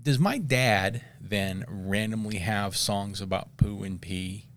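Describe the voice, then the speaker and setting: A man's voice: on the low side, slow pace, noisy background. A middle-aged man in casual chat, rambling and profane, laughing at his own jokes.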